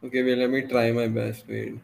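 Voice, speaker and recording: A man's voice: mid-range voice, flat delivery, fairly quick, vocal fry. A young man in casual chat, self-deprecating and saying bro a lot. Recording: noisy line.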